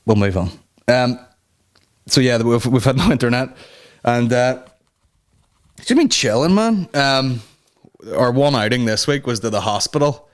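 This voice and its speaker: A man hosting a comedy podcast, rambling loosely from one tangent to the next. His speech is crude and full of swearing. He talks at an ordinary mid pitch in a casual, off-the-cuff way. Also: expressive, measured pace, pauses often.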